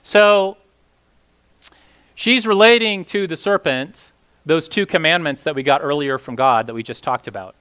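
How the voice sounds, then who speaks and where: A man's voice: a little high, unhurried, pushed and bright, clean tone. A man leading a casual Bible teaching session, talking conversationally with many fillers and asking the group questions.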